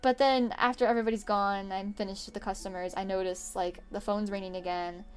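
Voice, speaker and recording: A woman's voice: medium pitch, steady tone, a little fast, soft background music. A young woman streamer rambling through a work story while she draws, swearing freely and answering chat as she goes.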